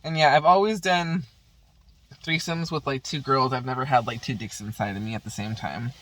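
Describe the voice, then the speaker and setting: A woman's voice: very deep voice, moderate pace, noisy background. A woman vlogger telling a story in casual chat, rambling and profane, full of fillers.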